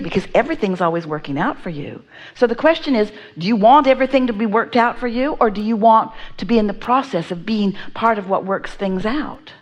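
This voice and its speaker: A woman's voice: mid-range voice, lively intonation, a little fast. A woman teaching a live seminar audience, speaking as "we" and often checking that listeners follow. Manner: speaks as "we", asks the listener to agree.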